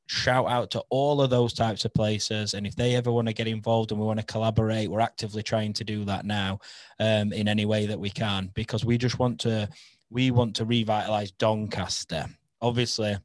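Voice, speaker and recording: A man's voice: on the low side, dry recording. A man hosting a podcast, friendly and encouraging as he interviews a guest. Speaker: podcast host.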